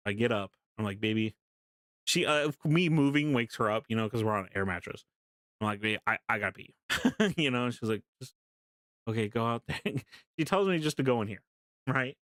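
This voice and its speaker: A young male streamer tells a story to his chat in a casual, animated way, laughing often and swearing freely. His voice sits at an ordinary male pitch. It is recorded close and dry on a desk mic. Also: fairly quick, dry recording.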